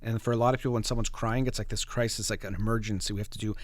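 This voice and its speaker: A man calmly explaining psychology on a talk show, reflective and full of everyday examples. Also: lowish voice, rapid-fire, no room sound.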